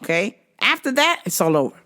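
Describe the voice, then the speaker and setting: A man's voice: high-pitched, big pitch swings, brisk, pushed and bright. A man hosting a podcast, telling stories casually, swearing freely and laughing at his own jokes. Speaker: podcast host. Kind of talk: casual storytelling monologue.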